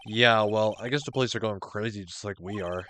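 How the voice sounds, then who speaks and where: A man voicing an earnest young defense lawyer in a game, in a low, deadpan mutter. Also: brisk. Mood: wry.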